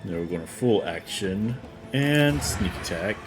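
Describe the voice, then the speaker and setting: A man's voice: fairly low pitch, expressive, a little slow. A man streaming a role-playing game, talking through his moves in a laid-back way over game music. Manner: laid-back, talks himself through each move. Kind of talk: let's-play commentary. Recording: game music loud behind voice.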